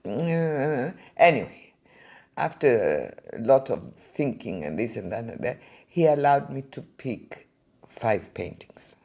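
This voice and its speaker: An older woman recounts her stories with a lively, swooping delivery. Her voice is gravelly and husky with a mellow, dark tone. She speaks in a relaxed interview. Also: extremely low pitch, slow pace. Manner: animated, vivid storyteller. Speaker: art collector and museum founder. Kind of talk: anecdotal storytelling interview.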